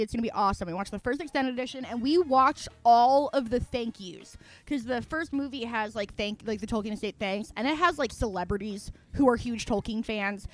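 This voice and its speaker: Here a young woman streams while recounting a tale, cursing freely, voicing her own quotes, and breaking into laughter often. Her pitch leans high, and the recording has no echo.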